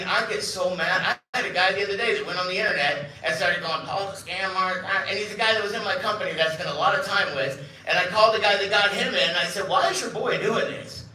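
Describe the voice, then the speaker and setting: Middle-aged guy giving a talk on stage, bright pushy voice, jokes around, acts out people in his stories, echoey room, mic kinda far. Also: sits high, slight background noise. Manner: joking, storytelling, acts out quoted voices. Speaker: company CEO giving a talk. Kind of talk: live event speech. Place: large event room.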